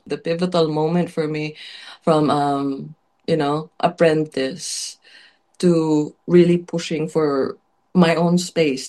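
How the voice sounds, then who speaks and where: A woman with a somewhat low voice tells her life story in a loose, chatty way. She fills her talk with "like" and "um" and laughs lightly between phrases, her voice wavering at times as tears come. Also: dark tone. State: tearful at times. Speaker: chef, interview guest. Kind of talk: emotional personal storytelling.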